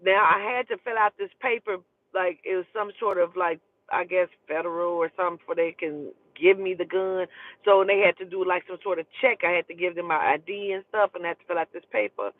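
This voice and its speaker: A woman's voice: lowish voice, a little fast, dry recording. A woman spins a story from her own life, swearing freely and slipping into the voices of the people in it. The sound is thin and tinny like a phone line, and completely dry, with no room around her. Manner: profane, animated, acts out the people in her story. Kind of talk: casual spoken storytelling.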